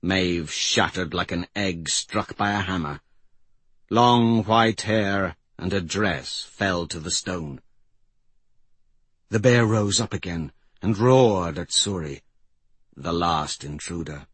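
A man narrating a fantasy audiobook in a slow, measured storytelling voice. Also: sits low, fairly bright tone, breathy edge, dry recording.

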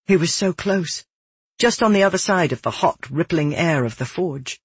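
An audiobook narrator reading a first-person fantasy story in a steady, earnest way. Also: medium pitch, moderate pace, breathy edge, dry recording.

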